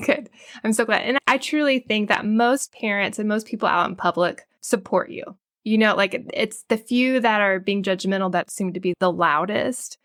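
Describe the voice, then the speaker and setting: A woman, a child psychologist speaking as a podcast guest, calm and reassuring as she explains. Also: medium pitch, moderate pace, no room sound, studio quality. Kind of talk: podcast interview.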